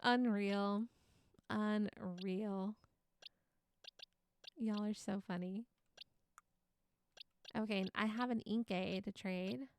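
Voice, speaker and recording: A woman's voice: mid-range voice, steady tone, unhurried, pauses often, darkish tone, a little hiss or hum. A young woman streaming a game live, chatting casually, reading chat aloud and laughing often.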